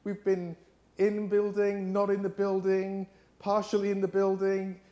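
A man's voice: sits high, completely flat delivery, measured pace, highs cut off. A middle-aged man with an English accent, preaching as a guest speaker and telling personal stories with fillers and restarts. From England. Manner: warm storytelling with frequent fillers and restarts. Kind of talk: sermon.

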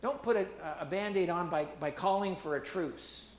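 High-pitched guy preaching, emphatic, repeats himself a lot, echoey church room. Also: moderate pace, a little hiss or hum. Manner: animated, emphatic preaching with repetitions and restarts. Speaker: pastor. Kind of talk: sermon.

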